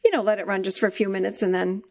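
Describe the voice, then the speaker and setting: A middle-aged woman hosting a podcast, telling stories in a lively way and laughing often, in a casual conversation. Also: medium pitch, rapid-fire. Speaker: podcast host and therapist.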